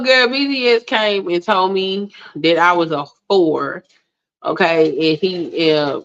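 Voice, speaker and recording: A woman's voice: sits low, vocal fry, fairly bright tone. A woman hosting a livestream, ranting bluntly to her chat and swearing freely, with indignant peaks. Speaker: livestream host. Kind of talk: casual ranting monologue to a live chat. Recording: dull lo-fi stream audio.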